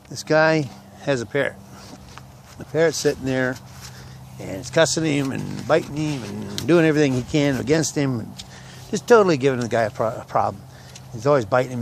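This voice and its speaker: A man's voice: medium pitch, fairly quick, gravelly, long pauses, slight background noise. Folksy man telling jokes outdoors. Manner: rambling, joking, folksy. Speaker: hiking vlogger. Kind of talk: casual joke-telling vlog. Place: outdoors in the woods and country roads.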